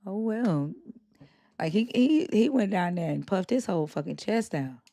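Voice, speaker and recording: A woman's voice: mid-range voice, animated, normal speed, vocal fry, mellow. A woman hosting a live stream, blunt and profane, cracking up with her co-hosts. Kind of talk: casual live chat.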